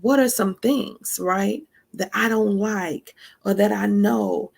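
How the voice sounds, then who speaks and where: A woman's voice: medium pitch, takes it slowly, vocal fry, a little mellow. A woman giving a casual spiritual teaching talk, speaking straight to her listeners with frequent asides and emphatic remarks. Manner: conversational, addresses listeners directly with frequent asides; emphatic, laughs between points.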